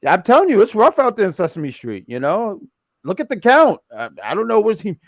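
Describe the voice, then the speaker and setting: A man's voice: high-pitched, wildly swooping pitch, brisk, no room sound. A man co-hosting a wrestling review show, joking and rambling in casual chat.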